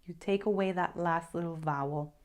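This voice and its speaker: A woman teaching a language lesson, who stresses key points by repeating them and models words slowly and carefully for the learner. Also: fairly low pitch. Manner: slow, careful modeling of pronunciation.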